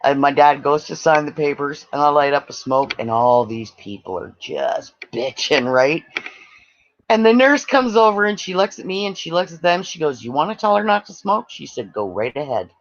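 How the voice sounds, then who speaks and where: Man, fairly high voice, casual storytelling, animated quotes, muffled lo-fi sound. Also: moderate pace, a little hiss or hum. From Canada. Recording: dull lo-fi audio.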